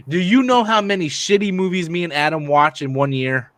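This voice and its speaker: A man's voice: on the high side, expressive, fairly quick, few pauses, fairly bright tone, dry recording. A man hosting a casual live-stream discussion, laid-back, with frequent restarts and plenty of swearing. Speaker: channel host.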